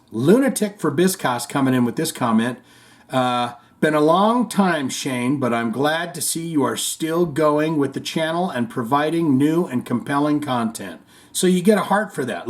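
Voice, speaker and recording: Lively, jokey man hosting a metal show. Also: fairly high pitch. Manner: lively, jokey, swears casually. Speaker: host. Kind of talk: casual chat reading viewer comments.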